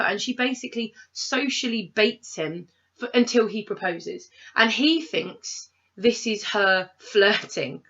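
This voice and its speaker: A woman's voice: mid-range voice, a little slow, bright, forceful tone, muffled recording. A woman co-hosting a casual review chat, animatedly acting out characters' lines as she rants. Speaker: podcast co-host reviewing a film.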